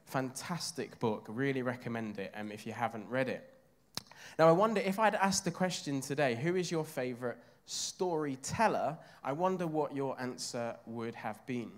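An English man gives a sermon to his church. His voice sits in a middle pitch, and he talks in a chatty, easy way, often turning to the congregation with questions before settling into the teaching. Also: normal speed. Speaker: preacher.

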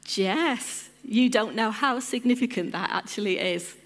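Woman preacher, high-ish voice, chatty, banters with the congregation, informal sermon. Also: a little slow. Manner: chatty, jokes and questions the congregation. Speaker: church lead team member preaching. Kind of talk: informal sermon with audience interaction. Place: church service.

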